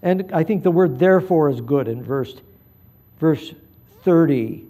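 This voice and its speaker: A man preaching a live sermon, earnest and pleading, moving between hushed passages and emphatic ones. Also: a little high, expressive, unhurried. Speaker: pastor.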